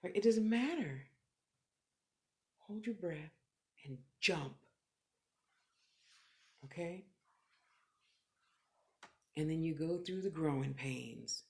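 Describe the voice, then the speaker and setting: A middle-aged clairvoyant medium from California gives motivational talk and readings on a live stream, answering viewers candidly and swearing freely in short, reflective bursts. Her low voice is animated yet slow, with vocal fry and frequent pauses.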